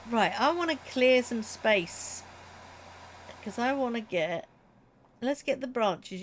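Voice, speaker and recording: A woman's voice: fairly high pitch, animated, slow, long pauses, slight background noise. Chatty woman streaming a game. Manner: chatty, giggly, reads chat aloud. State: slightly froggy throat. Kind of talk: casual live-stream chat while playing.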